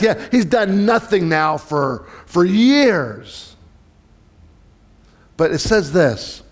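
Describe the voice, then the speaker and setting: Middle-aged male pastor, slightly higher voice, chatty sermon delivery, keeps asking "right?". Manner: conversational, asks the congregation "right?" often; lively, swings between loud and soft.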